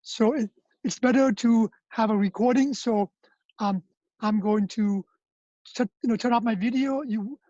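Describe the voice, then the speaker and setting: A woman leading an online retreat, giving a gentle, prayerful reflection and guided prayer with hesitant restarts, over a video call. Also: on the high side, a little slow, no echo. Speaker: retreat leader. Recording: muffled lo-fi video call audio.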